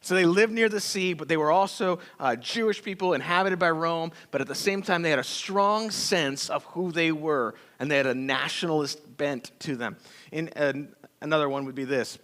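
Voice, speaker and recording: A man preaching a sermon as pastor, telling stories in a folksy, animated way with acted-out quotes. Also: a little high, normal speed. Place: church sanctuary.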